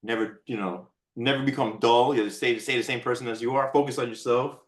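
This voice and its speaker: An easygoing man speaks at a middle pitch, with a roomy echo around his voice. He chats casually and offers upbeat, motivational advice. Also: fairly even intonation, fast talker. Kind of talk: casual chat. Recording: echoey room sound.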